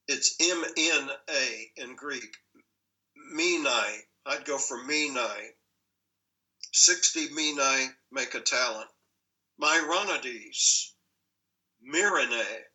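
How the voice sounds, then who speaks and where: Male teacher, unhurried and thoughtful, voice sits a bit high. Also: pushed and bright, low-quality recording. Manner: deliberate, musing, self-correcting. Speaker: teacher reading a pronunciation list. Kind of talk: slow pronunciation walkthrough.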